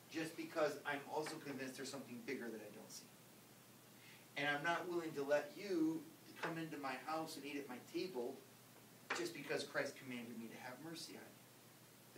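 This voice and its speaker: A man, a priest, giving an informal, conversational ethics lecture and acting out examples. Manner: conversational, emphatic, acts out examples. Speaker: Catholic priest teaching ethics. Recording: roomy, distant mic, faint rumble.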